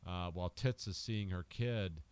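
A man co-hosting a film podcast, rambling and joking, sometimes shouting out quoted lines. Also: low voice, moderate pace, background noise. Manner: rambling, jokey, acts out lines in loud bursts. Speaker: podcast co-host. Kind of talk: casual film discussion.

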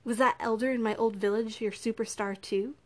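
A woman's voice: fairly high pitch, steady tone, a little fast, a little mellow, close to an everyday voice. A woman voicing a frightened, ashamed young woman in a storybook reading, pleading and wary. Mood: defiant.

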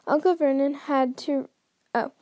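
A woman's voice: sits high, fairly even intonation, unhurried, darkish tone, no echo. A woman hosting a podcast, reading a book aloud in an unrehearsed way, often stumbling and restarting lines. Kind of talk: unrehearsed read-aloud narration.

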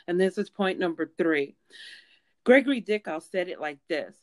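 A woman's voice: medium pitch, animated, moderate pace, dry recording. A woman preaching a sermon in an earnest, emphatic way, with frequent fillers and restarts.

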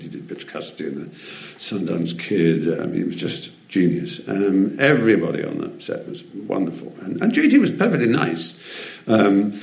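A man's voice: lowish voice, gravelly, a little mellow. An English man, an interview guest, telling theatrical anecdotes articulately, with frequent ums. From England. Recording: roomy echo.

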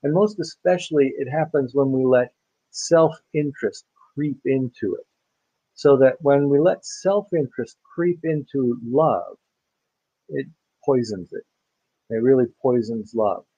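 Male pastor, dark mellow tone, chatty sermon, dull dry recording. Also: mid-range voice, measured pace, no echo. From United States. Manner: conversational, many fillers and restarts. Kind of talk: sermon-style Bible teaching.

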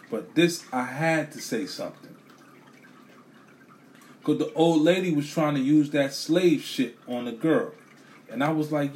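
A man telling a story as a profane rant, animated, swearing a lot and repeating himself. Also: medium pitch, a little slow, a little hiss or hum.

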